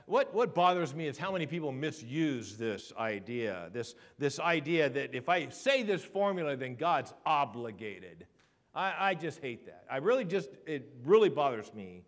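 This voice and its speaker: A man with a voice on the high side preaches in a church sanctuary. He moves from near-whispers to loud passages, leaning on repeated phrases and questions he doesn't expect answered.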